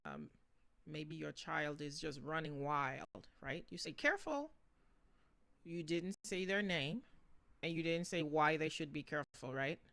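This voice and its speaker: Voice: mid-range voice, steady tone, measured pace, creaky, a bit bright. A language teacher giving a casual spoken lesson, switching between languages and checking in often with "okay?" and "right?".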